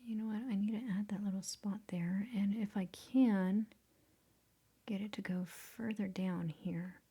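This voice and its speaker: This casual screen-recorded photo-editing lesson features a woman whose mid-range voice is mellow with a gravelly edge, steady and unhurried. She frequently slips into whispers while focusing and laughs self-deprecatingly at her errors.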